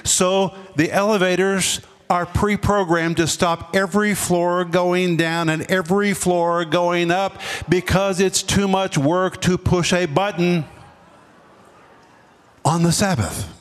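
A man's voice: high voice, fairly even intonation, takes it slowly, clear, resonant tone, long reverb tail. A man preaching a sermon as pastor, emphatic, repeating words and dropping his voice for effect. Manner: preaching with sudden drops and emphatic repetition. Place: church.

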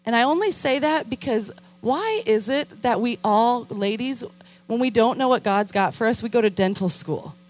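A young woman youth minister preaching with animated emphasis, her voice pitched a little high. She drives her points home and keeps calling for responses from her listeners. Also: moderate pace. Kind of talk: sermon.

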